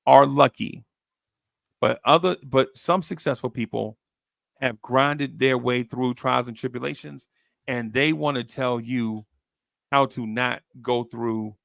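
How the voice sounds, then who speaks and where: A man on a podcast, casually telling a story in animated, slangy talk and acting out what others said. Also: mid-range voice, takes it slowly, creaky, no echo, studio quality. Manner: animated, slangy storyteller who acts out quoted voices. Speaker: podcast host.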